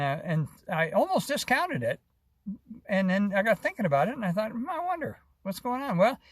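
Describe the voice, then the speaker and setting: A man's voice: fairly high pitch, dry recording. An older American man telling his own experiences in a casual, rambling, folksy way. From United States. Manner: rambling, folksy, many restarts and "you know". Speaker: vlogger. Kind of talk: casual first-person storytelling.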